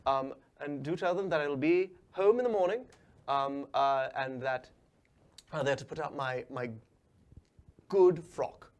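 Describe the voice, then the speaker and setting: A man voicing a prim, well-bred young gentleman in a tabletop game, who fusses in a posh, overly polite way. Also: fairly high pitch, unhurried, smooth, close to an everyday voice. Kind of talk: tabletop role-play voicing.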